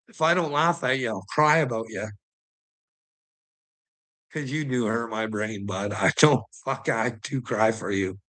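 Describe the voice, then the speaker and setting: A man in a ranting monologue, with a somewhat high voice. His delivery is bright and forceful, mocking and heavy with swearing. He laughs between his jabs. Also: poor audio. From Canada.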